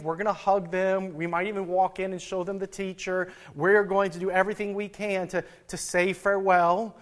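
A man's voice: high voice, a bit bright. A middle-aged man, a pastor, preaching a sermon in a folksy, storytelling way and chuckling at his own anecdotes.

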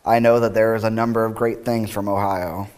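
A man's voice: fairly low pitch, flat delivery, brisk, a little mellow, clear, resonant tone. A male pastor reading scripture aloud, then preaching in a conversational, reflective way with wry asides.

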